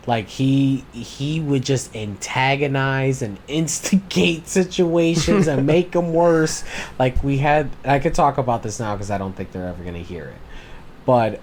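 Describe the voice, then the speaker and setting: A man's voice: mid-range voice, darkish tone, a little hiss or hum. A man co-hosting a podcast, telling stories in loose, casual chat with heavy swearing. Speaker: podcast co-host.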